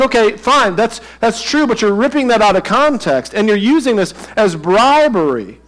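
A man preaching a sermon in a church, his voice sitting a little high. He talks in a relaxed, conversational way and puts questions straight to the congregation. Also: normal speed. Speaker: pastor.

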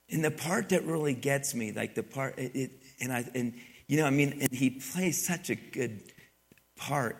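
A man preaching a sermon, telling a story in a loose, rambling way and swinging from quiet asides to loud, excited retellings. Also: mid-range voice, vocal fry. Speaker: pastor.

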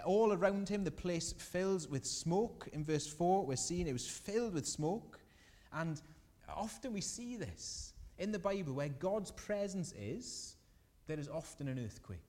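A man preaching a sermon in a church hall, lively and emphatic, often asking his listeners questions. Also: on the high side.

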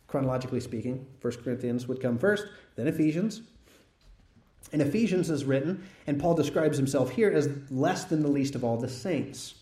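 A man preaching an expository sermon, teaching in a conversational way that grows animated when he tells a story. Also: mid-range voice. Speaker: pastor. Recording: roomy hall echo.

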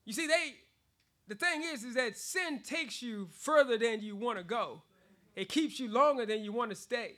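High, bright-voiced preacher man. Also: normal speed. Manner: animated, laughs often between phrases, repeats words for emphasis. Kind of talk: sermon.

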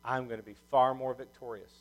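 A man's voice: mid-range voice, level tone, fairly quick, slight background noise. A middle-aged man preaching a sermon, mixing scripture with a folksy personal story. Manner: folksy, drops from loud scripture reading to quiet storytelling.

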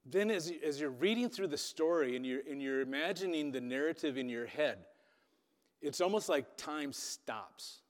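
A man preaching a sermon, telling a Bible story dramatically with loudness that rises and falls. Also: fairly high pitch, expressive, normal speed. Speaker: pastor. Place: church hall. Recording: long reverb of a hall.

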